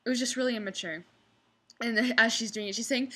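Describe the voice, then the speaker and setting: Young woman server venting to camera, bright voice, mocking impressions of diners. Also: on the high side, fairly even intonation, fast talker. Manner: ranting, mocking customers in exaggerated voices. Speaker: restaurant server. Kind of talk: casual storytelling vlog.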